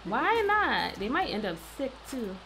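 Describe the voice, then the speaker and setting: A woman's voice: high-pitched, very animated, measured pace, background noise. A woman hosting a casual let's-play, chatting playfully and talking to the characters on screen. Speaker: gaming video host.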